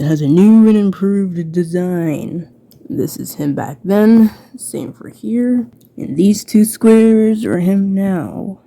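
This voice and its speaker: A woman with a low, dark and mellow voice talks slowly through an old childhood book in casual commentary. She rambles and mocks herself, dropping "like" between phrases. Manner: self-mocking, rambling, many "like" fillers. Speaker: video creator.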